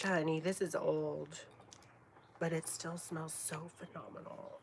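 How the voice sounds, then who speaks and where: Woman in her late twenties, casual live-stream chat, slow easy pace, swears, slips into whispers, clear background noise. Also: deep voice, level tone. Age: late 20s. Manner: swears freely, often drops to a whisper. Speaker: livestreamer chatting with viewers.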